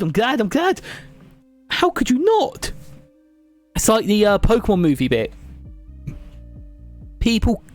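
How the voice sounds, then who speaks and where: A British man streaming live, chatting and joking with his viewers as he ranks favourites on a tier list. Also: fairly high pitch. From Britain. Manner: chatty, jokey, reads and answers chat.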